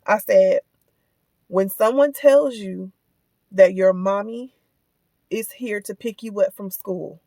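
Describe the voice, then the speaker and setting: A woman's voice: medium pitch, slow, long pauses, mellow, dry recording. A woman telling a personal story in a casual, heated rant, indignant and repeating herself as she retells it. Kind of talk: casual ranting vlog.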